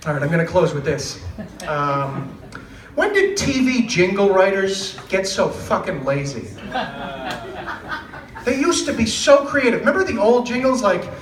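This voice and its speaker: A man doing a stand-up comedy set in a club, sarcastic and animated, laughing and swearing as he talks. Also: high-pitched, unhurried, long pauses. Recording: roomy club sound from a distant mic, with noise.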